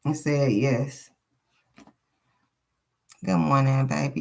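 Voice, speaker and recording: A woman's voice: low voice, normal speed, low-quality recording. Blunt, foul-mouthed woman reading tarot live. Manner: profane, blunt and chatty with viewers; laughs often between questions. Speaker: tarot card reader. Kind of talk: casual live-stream chat.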